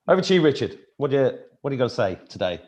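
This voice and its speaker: A man's voice: medium pitch, darkish tone. Emotional man hosting a live video call. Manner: emotional, laughing, restarts sentences. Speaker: host of a live online meeting. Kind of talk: casual live-stream chat. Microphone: computer video call.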